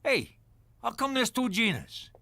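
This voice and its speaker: A man's voice: extremely high pitch, wildly swooping pitch, a little slow, gravelly, sharp tone, a little hiss or hum, heavily acted. A man voicing a dim, grumpy mobster sidekick in a cartoon. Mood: deadpan. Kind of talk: cartoon voice acting.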